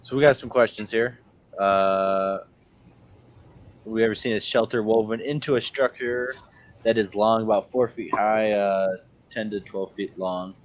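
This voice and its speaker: A man co-hosting a live stream, relaxed and musing as he explains his ideas at length. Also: on the low side, a little slow. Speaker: co-host of a live paranormal show. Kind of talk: casual live-stream chat.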